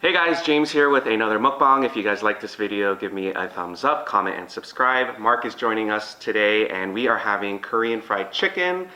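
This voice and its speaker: A man with a low, bright, forceful voice hosts a casual food vlog. He is chatty and upbeat in an echoey room. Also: expressive, normal speed, few pauses. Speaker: vlog host. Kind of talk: casual mukbang chat.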